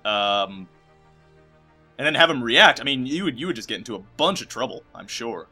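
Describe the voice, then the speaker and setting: A young man chatters through a let's play with a bright, forceful voice at an everyday pitch. He rambles and jokes, leaping into loud excited bursts and then trailing off into low mumbles, with faint music playing under him. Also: moderate pace. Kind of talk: rambling gameplay commentary over credits.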